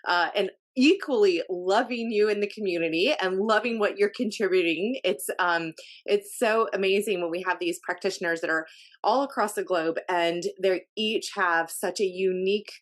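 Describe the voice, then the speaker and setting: A woman's voice: mid-range voice, normal speed. Middle-aged woman, casual guest, talks through fillers and restarts. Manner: chatty, many fillers and restarts. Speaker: podcast guest, health coach. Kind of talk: casual interview chat.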